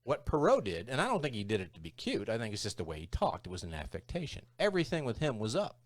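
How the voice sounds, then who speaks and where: Animated jokey older man. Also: fairly low pitch, quick pace, dry recording. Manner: animated, jokey storyteller who slips into impressions. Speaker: talk show co-host. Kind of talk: casual comedic chat.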